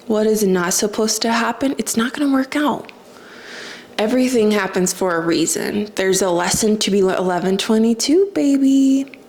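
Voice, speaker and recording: Young woman vlogging, chatty and emotional, says like a lot, mid pitch. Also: normal speed, a little mellow. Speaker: spiritual vlogger. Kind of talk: casual storytelling to camera.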